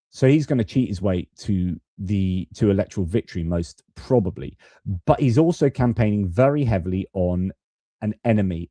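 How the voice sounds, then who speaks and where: A man's voice: fairly low pitch, dark tone, no echo. A man hosting a live stream of off-the-cuff political commentary, with loose talk and restarts. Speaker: host.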